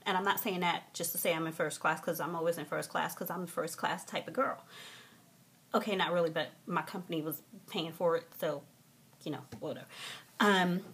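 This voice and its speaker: Husky, animated woman vlogger. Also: fairly low pitch. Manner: animated, profane, mimicking people. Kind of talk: casual storytelling to camera. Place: hotel room.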